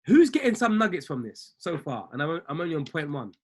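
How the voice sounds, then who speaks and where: A high-voiced man coaches traders like a preacher, urging his listeners on and hammering points home by saying them again. His voice is husky. He speaks straight to the group. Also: big pitch swings, a little fast. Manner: preacher-like, repeats lines for emphasis; exhorting, talks straight to listeners. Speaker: trading coach. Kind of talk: motivational talk to an online group.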